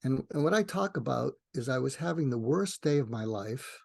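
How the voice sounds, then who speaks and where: A man's voice: lively intonation, normal speed, gravelly, no echo, studio quality. An older man, a psychiatrist guest in a podcast interview, telling a story with many restarts and acting out the dialogue. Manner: rambling with frequent restarts, acts out dialogue with rising pitch.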